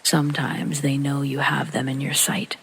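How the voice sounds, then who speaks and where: A man narrating a first-person horror story in a calm, low-key reading that often sinks to a soft whisper, with rain behind him. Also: normal speed, gravelly, a little hiss or hum, low-quality recording. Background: rain sounds.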